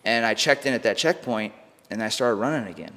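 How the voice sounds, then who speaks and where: A man's voice: on the low side, expressive, brisk, pushed and bright. A man, a podcast guest, telling a personal story in a casual, slangy way, swearing freely and saying "bro" and "like" a lot. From United States. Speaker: podcast guest, mindset coach. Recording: long room reverb.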